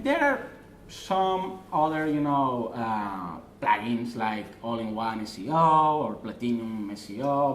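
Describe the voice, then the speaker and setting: A man with a Spanish accent gives an informal, self-deprecating presentation at a meetup, stopping often to restart his sentences. His voice sits at a middle pitch. The room around him is roomy and echoing, with a faint hiss underneath. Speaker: guest speaker. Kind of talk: presentation talk. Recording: roomy echo, faint noise.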